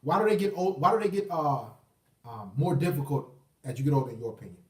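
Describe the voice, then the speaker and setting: The host of a casual call-in live stream, a man in his thirties, talks fast and expressively at a medium pitch. Blunt and profane, he urges callers to speak up; the mic is distant and the echoey room leaves him sounding off-mic.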